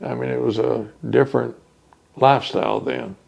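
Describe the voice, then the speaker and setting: An older man from Texas, recalling his hometown in an oral history interview, unhurried and full of fillers. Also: mid-range voice, fairly even intonation, vocal fry, darkish tone. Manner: reminiscing, unhurried with many fillers.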